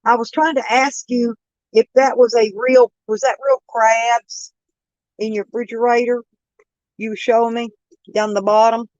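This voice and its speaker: A woman's voice: on the high side, flat delivery, moderate pace, a little mellow, no room sound, muffled recording. A woman, chatting casually with viewers on a live stream, laughing often and calling them by name. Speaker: host of a live chat stream. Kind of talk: casual chat. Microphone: phone.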